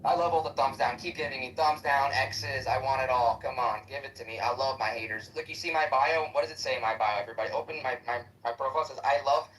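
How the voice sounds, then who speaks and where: A man fires off a quick, combative, profanity-laced rant, his voice bright and pushing hard. He sounds a little distant from the mic, with faint noise around him. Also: medium pitch. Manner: aggressive, profane, combative ranting. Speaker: live-stream debater. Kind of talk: heated live-app debate rant.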